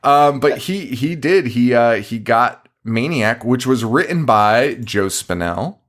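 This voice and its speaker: A man's voice: medium pitch, takes it slowly. Podcast guy, chatty, swears a lot, laughs a ton, voice bounces all over. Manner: lively, laughing storyteller, swears freely. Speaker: podcast co-host. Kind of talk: casual chat.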